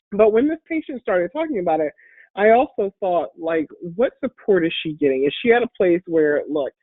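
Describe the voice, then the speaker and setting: A woman with a deep voice, congested and a bit hoarse from a cold, giving an upbeat, encouraging webinar talk as a guest speaker. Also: lively intonation, moderate pace, dry recording. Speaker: guest speaker and patient advocate. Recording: phone-like online call audio.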